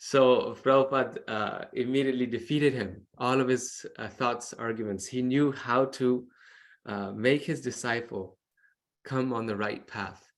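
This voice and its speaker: A man's voice: medium pitch, fairly even intonation, unhurried. Earnest man telling a devotional story. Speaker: devotional class speaker.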